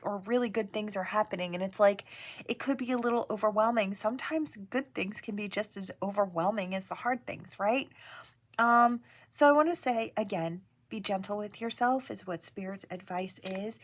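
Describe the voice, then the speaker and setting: Gentle rambling woman reading tarot. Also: medium pitch. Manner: gentle, rambling, frequent "right?" and "I wanna say". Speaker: tarot reader. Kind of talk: channeled tarot reading to viewers.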